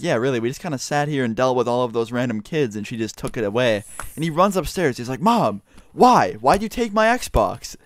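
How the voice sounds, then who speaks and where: Young guy ranting thru a storytime, talks super fast, swears a ton, dry close sound. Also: medium pitch, no echo. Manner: fast, rambling, swears a lot. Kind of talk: casual storytime vlog.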